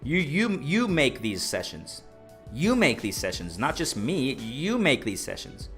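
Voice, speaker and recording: A man hosting a casual boxing livestream, reading chat aloud and repeating himself with excitement. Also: mid-range voice, measured pace, soft background music. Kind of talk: casual live-stream commentary.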